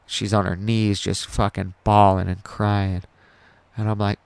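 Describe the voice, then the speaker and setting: Young guy, low gravelly voice, rambly and sweary, retelling something rough, dry close sound. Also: level tone, moderate pace, no echo. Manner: rambling, profane and emotional, with many restarts. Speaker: podcast host. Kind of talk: casual personal storytelling.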